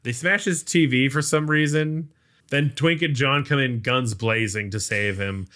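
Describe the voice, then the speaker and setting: A man on a podcast walks through a film's plot scene by scene in a loose, rambling recap full of "like" and "um". His voice is bright and sharp, with a smooth, crisp clarity. It sits at an ordinary pitch for a man. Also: a little slow. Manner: rambling, filler-heavy retelling. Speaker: podcast host. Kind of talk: casual movie recap.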